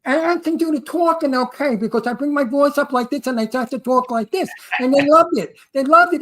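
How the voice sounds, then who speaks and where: A woman's voice: sits high, fairly quick, hardly any pauses, a bit bright. A woman, an actor guest, telling a blunt, brash story with cursing in casual chat.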